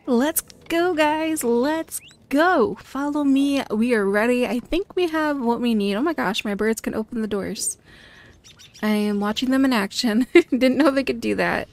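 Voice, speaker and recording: A woman hosting a gaming video, chatting through her gameplay with bubbly excitement and frequent delighted gasps. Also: a little high, normal speed, gravelly.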